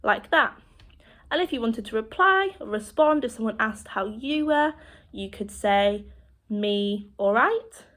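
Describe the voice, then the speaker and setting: British lady teaching kids sign language, kinda high voice, slow clear words. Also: expressive, a bit bright. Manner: slow, clear demonstrating speech. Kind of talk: children's sign language lesson.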